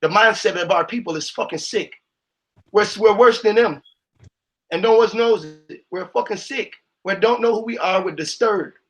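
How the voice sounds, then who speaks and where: A man's voice: high-pitched, normal speed, a bit bright. A man on a live call-in panel, delivering a profane, fired-up, preachy rant. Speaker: panel speaker.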